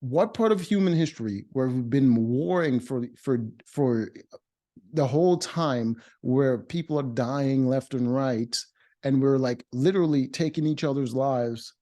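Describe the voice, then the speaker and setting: Mellow-voiced man recapping a reality show. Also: medium pitch. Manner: blunt and opinionated, many fillers and restarts. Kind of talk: casual recap commentary.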